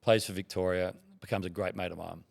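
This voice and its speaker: Guesting on a podcast, a middle-aged Australian man who works as a TV broadcaster spins rambling stories full of quoted dialogue in relaxed chat. He speaks briskly in a low, steady, somewhat dark voice with vocal fry.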